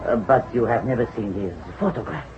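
An actor playing a polite, insinuating associate of a financier in a vintage radio drama, formal and smooth. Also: male voice, lowish voice, fairly quick, darkish tone, a little hiss or hum, lightly acted. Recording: dull old radio drama recording.

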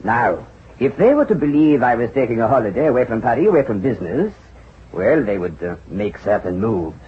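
An actor playing a flamboyant, smooth-talking financier in a vintage radio drama, expansive and persuasive. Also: male voice, medium pitch, fairly quick. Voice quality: expansive, persuasive, lively intonation. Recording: dull old radio drama recording.

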